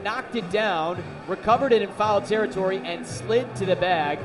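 A man calling minor league baseball play-by-play on radio, excitable on big plays and joking with his partner. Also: sits high, normal speed, distant mic, over music. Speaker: play-by-play announcer.

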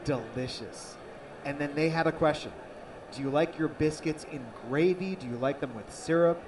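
A man's voice: fairly high pitch, normal speed, recorded from a distance, noisy background. A man doing color commentary on a baseball radio broadcast, chatty and teasing his partner.

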